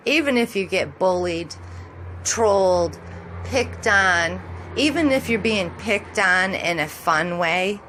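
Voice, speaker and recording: A woman's voice: mid-range voice, a bit bright, a little hiss or hum. A middle-aged woman with a Michigan accent and Southern touches, chatting casually and rambling as a vlogger while commenting on sky photos, laughing often.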